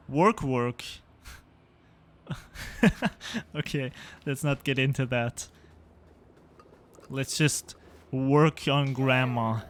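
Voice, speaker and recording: A man's voice: mid-range voice, very slow, long pauses, fairly bright tone, a little hiss or hum. A young man streaming a game live, chatting with viewers and laughing often.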